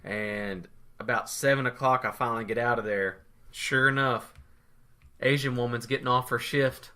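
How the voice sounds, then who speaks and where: Bright-voiced guy telling a story. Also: mid-range voice, fairly even intonation, moderate pace. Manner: laid-back, laughs through his story. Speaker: podcast co-host. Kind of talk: casual storytelling chat.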